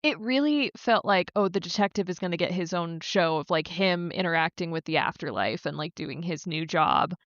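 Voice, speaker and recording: A woman's voice: on the low side, lively intonation, normal speed, few pauses, fairly bright tone, no echo. A woman co-hosts a recap podcast in frank, casual chat and sometimes swears. Her mic sounds a bit dull and muffled, and the sound is dry and close. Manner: frank and casual, uses "like" and "I don't know" a lot, swears now and then. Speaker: podcast co-host.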